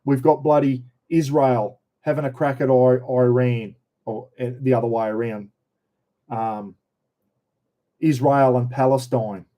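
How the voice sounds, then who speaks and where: A man's voice: mid-range voice, steady tone, unhurried, warm tone. A middle-aged Australian man chatting casually on a live stream, telling rambling stories with many restarts. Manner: rambling, anecdotal, frequent restarts.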